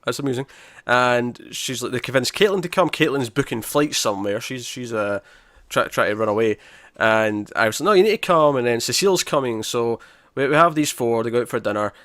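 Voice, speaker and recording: A man's voice: mid-range voice, fairly quick, no room sound, studio quality. A man co-hosting a podcast in casual chat, acting out lines from scenes. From Scotland. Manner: animated, acts out lines from scenes. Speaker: podcast co-host.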